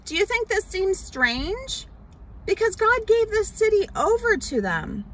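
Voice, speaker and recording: A woman pastor telling a Bible story in a children's sermon, explaining slowly with many fillers and restarts. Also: extremely high pitch, big pitch swings, rough recording.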